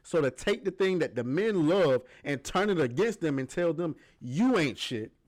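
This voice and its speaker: A man's voice: a little high, lively intonation, normal speed, a little mellow. A man giving heated, argumentative reaction commentary on a video clip, emphatic and swearing often.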